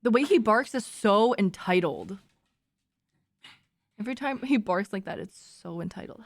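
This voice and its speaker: A woman's voice: fairly high pitch, big pitch swings, moderate pace, no room sound. A young woman streaming, chatting casually with her viewers, giggly and cooing baby talk to her dog.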